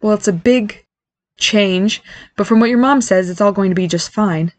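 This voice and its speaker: Calm reserved dad, as a woman reads him. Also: mid-range voice, no room sound, natural voice. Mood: measured. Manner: calm, measured, quiet. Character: calm measured middle-aged father, reserved.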